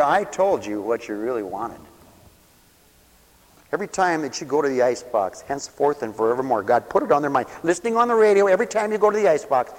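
A preacher in his fifties delivers a sermon in a plain, folksy way, with a voice of middling pitch. He climbs to loud, ringing peaks and then drops to a hushed near-whisper. The sound carries a long reverb, as if from a large hall. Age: 50s. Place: church service.

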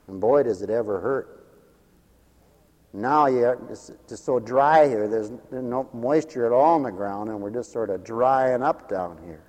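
Man preaching a sermon, goes from hushed to loud, chuckles between points, long echo tail. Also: mid-range voice. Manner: impassioned, swinging from hushed to loud. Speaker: pastor. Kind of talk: radio sermon.

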